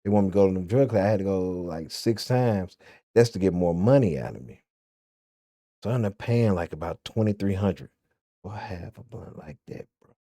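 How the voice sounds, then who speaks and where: Profane Southern man with a dark voice. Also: sits low, normal speed, dry recording, studio quality. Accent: Southern US (Memphis). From Memphis, USA. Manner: profane, blunt, animated storytelling. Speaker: vlogger. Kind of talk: casual storytelling rant.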